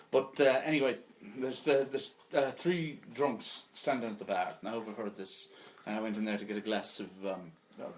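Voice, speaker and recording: A man's voice: medium pitch, a little hiss or hum. A man doing a stand-up routine of pub jokes, rambling through his stories with lots of restarts and fillers. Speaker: comedian. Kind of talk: stand-up pub joke telling.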